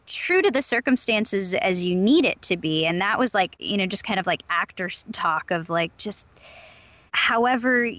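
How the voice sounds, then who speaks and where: A woman's voice: medium pitch, expressive, normal speed, fairly bright tone, no room sound. A young woman from Southern California with a Valley Girl accent, a voice actress chatting in an interview, bubbly and upbeat with lots of fillers. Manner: bubbly, upbeat, laughs often, many fillers. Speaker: voice actress guest. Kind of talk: casual interview talk.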